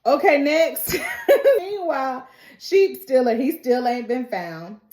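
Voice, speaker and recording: A young woman with a fairly high voice recaps a TV episode in a loose, slangy, storytelling way. She laughs often and slips into quick character voices when she retells what people said. The delivery is animated and conversational. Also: echoey room. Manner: acts out characters' lines in quoted voices. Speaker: TV recap host. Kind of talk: casual TV recap and reaction.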